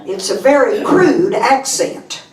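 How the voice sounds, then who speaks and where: Texan woman storyteller, slow and fairly high-pitched, chatty and joking with the audience; echoey hall, voice off-mic. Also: animated, darkish tone, far from the mic. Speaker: speaker. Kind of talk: humorous public talk.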